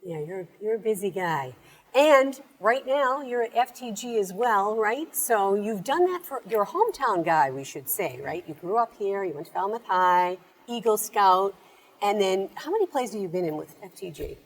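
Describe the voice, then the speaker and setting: A woman hosting a community TV interview, chatty and affirming, with quick follow-up questions. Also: medium pitch, expressive, rough recording. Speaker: talk show host. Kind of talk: friendly TV interview. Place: community TV studio.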